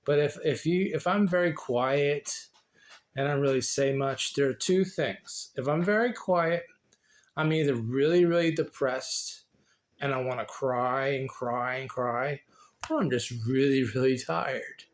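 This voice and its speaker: A man's voice: mid-range voice, unhurried. A man vlogging casually and reading from a book, rambling and repeating words with many restarts. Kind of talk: casual chat and reading aloud.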